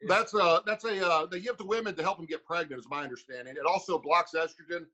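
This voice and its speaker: A man's voice: a little high, quick pace, bright, forceful tone, lo-fi sound. A former heavyweight fighter, a man, rambling through a story with lots of fillers on a casual podcast.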